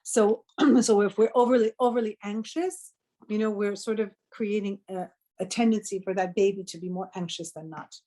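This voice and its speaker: A middle-aged woman speaks at an everyday mid-range pitch as a guest healer. She tells her story earnestly and conversationally, correcting herself and restarting phrases as she goes. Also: normal speed, warm tone.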